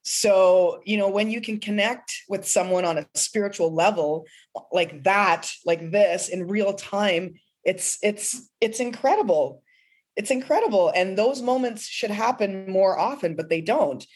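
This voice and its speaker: A woman's voice: medium pitch, measured pace, a little mellow. A woman singer-songwriter talking in a heartfelt, emotional way during a podcast interview, often laughing. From pastor's kid.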